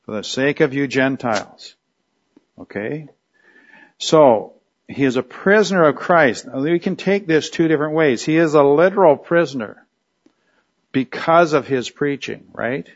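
A man's voice: a little high, unhurried, muffled recording. A man teaching a Bible study lecture, explaining a passage in a conversational way with frequent fillers and restarts. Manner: uses a drawing tool on screen while teaching.

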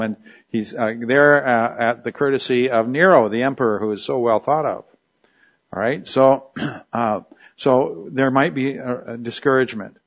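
A man's voice: medium pitch, muffled recording. A man teaching a Bible study lecture, explaining a passage in a conversational way with frequent fillers and restarts. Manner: uses a drawing tool on screen while teaching.

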